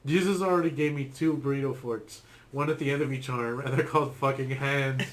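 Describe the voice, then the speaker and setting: A man's voice: mid-range voice, brisk. A man co-hosting a casual podcast, reading a profane comic rant with theatrical outrage. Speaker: podcast co-host.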